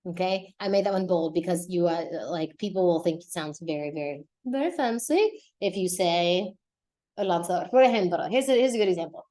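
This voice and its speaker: A young woman hosting a casual podcast lesson, chatty and lively, often laughing and correcting herself as she explains vocabulary. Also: on the low side, brisk. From United States. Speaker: Spanish teacher and podcast host.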